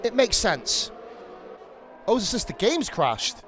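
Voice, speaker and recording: A young man streaming live sim-racing commentary, excitable and rambling, swearing freely and going off on rants. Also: high-pitched, slow pace, faint music behind. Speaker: league streamer and race commentator.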